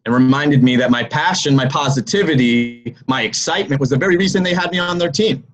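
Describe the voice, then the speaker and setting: Energetic male business coach on a video call, loud storyteller with a habit of checking in. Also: medium pitch, poor audio. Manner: energetic storytelling with many "right?" and "okay?"; loud and animated, by his own account. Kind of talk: motivational talk on a video call.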